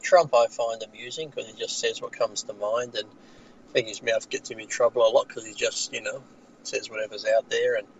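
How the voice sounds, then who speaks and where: A man's voice: medium pitch, steady tone, fairly quick, dull audio. An Australian man with a mid-range voice chats bluntly and casually, dropping swear words and laughing along the way. He is recording from a car, with a faint hum of the vehicle underneath his voice. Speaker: podcast co-host. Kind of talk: casual chat.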